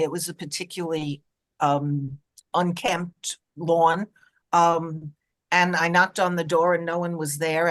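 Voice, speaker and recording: A woman with a New York accent telling a personal anecdote on a panel, in an expressive storytelling way. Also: deep voice. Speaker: panelist, volunteer canvasser.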